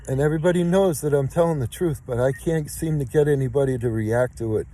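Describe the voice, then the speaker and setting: Guy in his 50s venting his case, mellow low-ish voice, keeps repeating himself. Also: low-quality recording. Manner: aggrieved, insistent, repeats his points. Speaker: complainant recording his case. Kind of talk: emotional spoken monologue.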